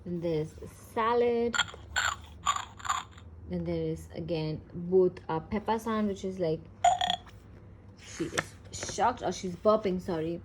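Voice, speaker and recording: A woman's voice: fairly low pitch, slow pace, long pauses, very noisy. A woman reading a children's picture book aloud at home, talking casually between pages with fillers and small slips. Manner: reads plainly with fillers and self-corrections, little character voicing. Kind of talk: casual read-aloud with commentary.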